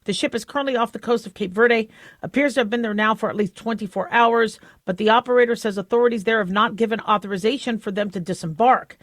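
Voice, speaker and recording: A woman's voice: on the high side, fairly even intonation, quick pace, no room sound, studio quality. A woman hosting a talk radio show, explaining medical news in a chatty way with many fillers and restarts.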